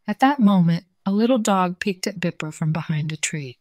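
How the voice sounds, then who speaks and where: A woman reading a children's story aloud in a calm, even storytelling manner. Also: fairly low pitch, moderate pace, few pauses, no room sound.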